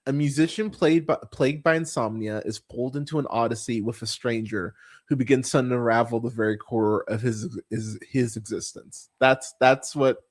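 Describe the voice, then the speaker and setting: A man hosting a podcast, ranting in casual chat about bad films, swearing, laughing and jumping up in pitch when exasperated. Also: normal speed. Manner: exasperated, profane, laughs often, animated pitch jumps. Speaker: podcast host. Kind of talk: casual ranting film review.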